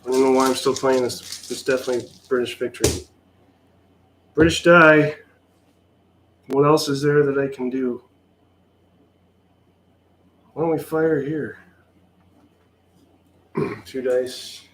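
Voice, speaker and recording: Man, unhurried sardonic play-by-play of a solo tabletop game, faint background noise. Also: medium pitch, fairly even intonation. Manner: wry, sarcastic, mildly exasperated. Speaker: solo tabletop wargame player.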